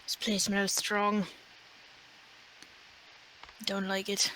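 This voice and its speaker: A woman's voice: mid-range voice, completely flat delivery, very slow, bright, forceful tone, slight background noise, poor audio. A woman playing a tabletop game, speaking in character in a dry, casual manner. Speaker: player. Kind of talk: in-character tabletop role-play.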